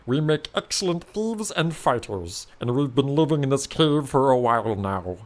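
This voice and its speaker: A man doing a rumbling furry changeling creature. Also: sing-song, normal speed, lightly acted. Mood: guarded. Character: small furry cave changeling, wary, rumbling.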